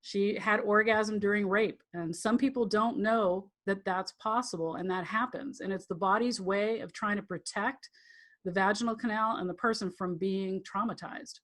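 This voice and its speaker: A woman's voice: mid-range voice, fairly even intonation, moderate pace, a bit bright. Chatty female tantra teacher, loose and rambling, acts out little quotes with laughs. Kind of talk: live online class teaching.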